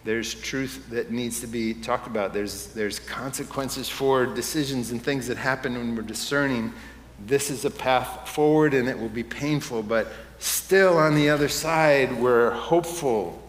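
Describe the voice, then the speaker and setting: Male pastor, mid-pitched, conversational sermon voice that builds to fervent emphasis; long church reverb, faint ambience. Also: unhurried, a little hiss or hum. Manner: conversational preaching that rises to impassioned emphasis. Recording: echoey hall with faint room ambience.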